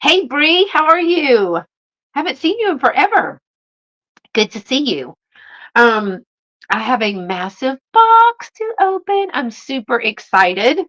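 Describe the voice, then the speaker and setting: A YouTube live stream host from the Southern United States chats casually from home, greeting viewers by name and using many fillers. Her high, sing-song voice is slow, pushed and bright, she's a little flushed from a walk, and the audio is dull.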